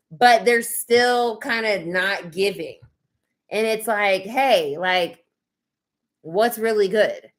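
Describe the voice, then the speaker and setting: A woman's voice: mid-range voice, slow, a bit bright. A woman giving casual tarot readings on a live stream, chatty and effusive, with lots of fillers. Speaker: tarot reader hosting live sessions.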